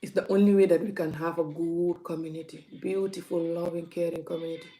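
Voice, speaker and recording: A woman's voice: lowish voice, level tone, a little fast, mellow. A woman vlogger talking to her viewers in an impassioned, emphatic, preachy way. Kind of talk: casual live vlog talk.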